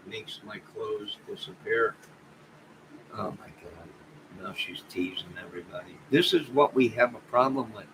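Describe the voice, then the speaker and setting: Rambling man signing off a noisy stream. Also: mid-range voice. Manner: rambling, joking, exclamatory. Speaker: livestream host. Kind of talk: casual livestream sign-off chat.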